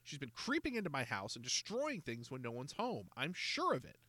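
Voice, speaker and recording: A man reading a children's mystery aloud, voicing an angry, frustrated boy goalie in a raised, higher voice. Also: wildly swooping pitch, moderate pace, no room sound, exaggerated voice. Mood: indignant. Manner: loud, indignant, pleading.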